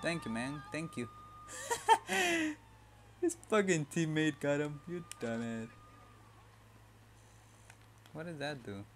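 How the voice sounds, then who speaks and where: A man's voice: fairly high pitch, animated, unhurried, long pauses, a little hiss or hum. A man giving casual, profane commentary while playing a video game, full of frustrated outbursts and laughter. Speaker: gamer.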